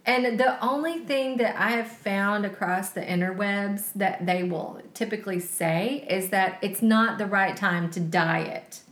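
A woman's voice: medium pitch, steady tone, a little slow, hardly any pauses, a bit bright. Chatty woman in her forties, echoey room. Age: 40s. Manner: enthusiastic, chatty. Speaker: podcast co-host. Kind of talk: casual chat.

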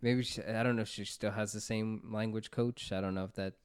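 A man's voice: lowish voice, steady tone, fairly quick, smooth. A man co-hosting a movie podcast, chatting casually with lots of fillers and restarts. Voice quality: filler-heavy, rambling delivery. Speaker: podcast co-host. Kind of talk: casual chat.

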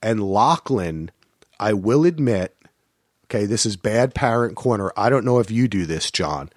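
A middle-aged man co-hosting a casual chat about a movie, telling lively stories and jumping into high voices when he quotes people. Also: unhurried, no room sound, clean studio sound. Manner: animated storytelling, jumps to high voices when quoting. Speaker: podcast co-host. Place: lives in Portland, grew up in New Jersey.

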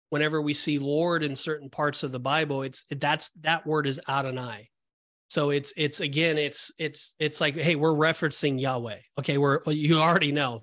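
Man, fairly high voice, dry close sound, casual Bible study talk, restarts his phrases. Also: bright, forceful tone, no room sound. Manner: explanatory, repeats and restarts phrases, reads verses aloud. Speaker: podcast co-host.

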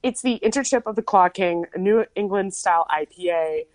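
A woman's voice: mid-range voice, moderate pace, a little mellow, no room sound. Chatty woman telling a story, dry close mic. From Minnesota. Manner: chatty storyteller, lots of "like" and asides. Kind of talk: casual chat.

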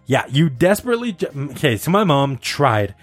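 A man co-hosting a casual chat, telling a story in an animated, laughing way. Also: mid-range voice, a little fast, faint music behind.

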